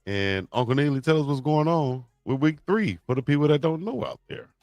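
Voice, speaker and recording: A man's voice: a little high, big pitch swings, fairly quick, darkish tone, no room sound, soft background music. A man hosting a casual sports talk show, telling stories in a laid-back way. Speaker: host.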